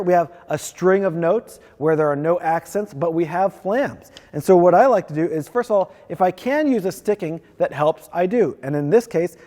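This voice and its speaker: A man's voice: a little high, darkish tone. Methodical man teaching in a reverberant room. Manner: clear, methodical explaining. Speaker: percussion teacher. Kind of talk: instructional demonstration.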